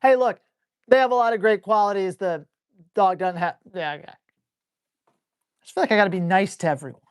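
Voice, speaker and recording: Excitable dog trainer guy, blunt and a bit salty, answering live questions and acting stuff out. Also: high voice, smooth. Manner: blunt, excitable, salty, acts out dogs and owners in quick asides. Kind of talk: live Q&A stream.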